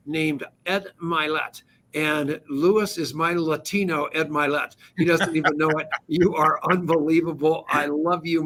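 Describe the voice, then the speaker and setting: Gravelly bright-voiced male host. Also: fairly high pitch. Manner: effusive, joking praise. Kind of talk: radio show hosting.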